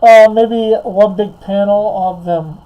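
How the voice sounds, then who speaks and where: A man's voice: sits high, fairly even intonation, slow, muffled recording. A man on a remote call in a casual live stream, reading out his story notes hesitantly and chatting. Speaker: comic writer.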